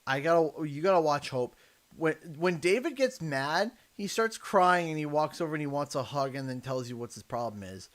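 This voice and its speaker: A man in his thirties from Canada livestreams a game and chats away, full of laughter, stories, and impressions. His voice is on the high side and expressive, with a moderate pace.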